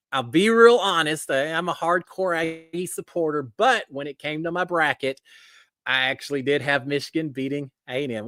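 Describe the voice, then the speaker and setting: A middle-aged Texan man chats on his live stream in a folksy, upbeat way. His voice is bright and sits a bit high, with a lively swing in pitch. The sound is dry and close. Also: no echo. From Texas. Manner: folksy and upbeat, greeting viewers by name. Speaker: host of a live reality TV chat stream. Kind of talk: casual live-stream chat.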